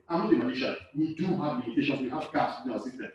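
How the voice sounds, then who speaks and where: A man from Nigeria, the course lecturer, talks fast in a fairly high voice while lecturing a live hall audience, repeating important phrases and asking the room questions. There's a little hiss or hum, and the audio is echoey, far away and dull.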